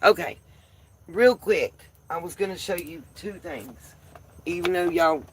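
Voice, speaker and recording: A woman's voice: lowish voice, a little slow, slight background noise. A woman with a Southern accent hosting a casual live stream, chatting with viewers in a folksy way and calling them y'all. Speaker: livestream host.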